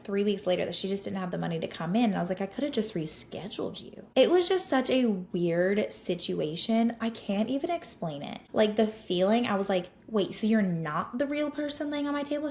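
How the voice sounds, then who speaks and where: Animated woman telling a story. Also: on the high side. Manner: animated, exasperated retelling with lots of "like". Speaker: podcast host, esthetician. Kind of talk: casual storytelling to listeners.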